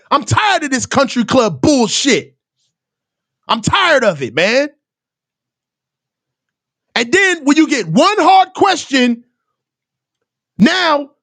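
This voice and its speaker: High lively voice, sarcastic profane sports rant, super dry close mic. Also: no echo. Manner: heated, sarcastic, swears a lot, mocks reporters in put-on voices. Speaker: live reaction show host.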